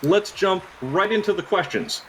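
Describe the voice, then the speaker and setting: A man moderates a mock debate in a formal, announcer-like way. His voice sits notably high for a man. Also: expressive, moderate pace, a bit bright, slight background noise. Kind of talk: mock political debate on voice chat.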